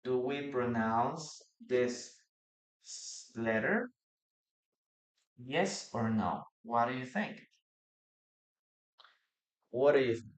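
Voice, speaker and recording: Slow, patient male English teacher, roomy. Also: mid-range voice, lively intonation. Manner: patient, repeats words, quizzes the chat. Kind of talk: live online English lesson. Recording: roomy echo.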